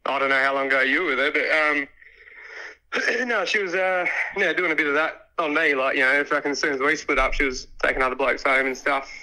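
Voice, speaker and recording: A man, calm and easygoing on a phone call. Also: a little high, fairly quick. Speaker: prank call target. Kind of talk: phone conversation.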